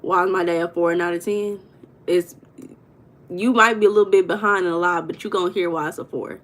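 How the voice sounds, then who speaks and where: A young woman hosting a casual livestream, chatting with viewers, greeting them by name and telling stories with lively emphasis. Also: on the low side, a little fast. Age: young adult. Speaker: livestream host.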